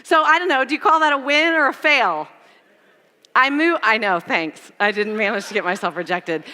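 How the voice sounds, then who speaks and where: A woman giving a sermon, telling funny stories about herself in an animated, self-mocking way. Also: fairly high pitch, normal speed, big-room sound. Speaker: church speaker. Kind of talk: sermon with personal storytelling. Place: church auditorium.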